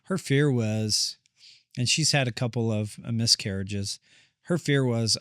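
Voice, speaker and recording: A man's voice: fairly low pitch, a little slow, a bit bright, dry recording, clean studio sound. A man who is a therapist, a guest on a podcast, telling a family story in an earnest, rambling way and acting out what people said. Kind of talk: casual storytelling conversation.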